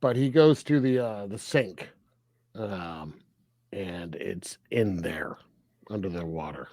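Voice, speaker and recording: A man co-hosting a film review podcast in casual chat, animated and laughing often as he retells scenes. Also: low-pitched, slow, dry recording, clean studio sound. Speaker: podcast co-host reviewing films.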